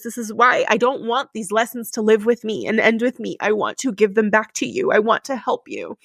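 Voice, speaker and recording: A woman's voice: on the high side, fairly bright tone, no room sound, clean studio sound. A middle-aged woman hosting her own podcast, talking candidly and emotionally to her listeners, often repeating phrases for emphasis. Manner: repetitive and emphatic. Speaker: podcast host. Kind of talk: solo podcast coaching talk.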